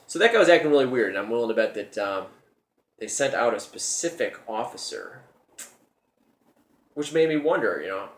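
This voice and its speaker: A man's voice: medium pitch, big pitch swings, moderate pace, long pauses, reverberant. A man hosting his own show, telling a personal story in a rambling, casual way, often repeating his words as he goes.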